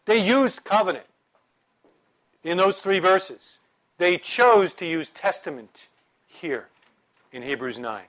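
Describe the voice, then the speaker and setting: A middle-aged man leads a Bible class with a slightly higher voice than most men. He keeps it conversational and lively, tossing questions and jokes to the room as he explains. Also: takes it slowly, long pauses. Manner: lively, conversational, joking with the audience. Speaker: Bible teacher.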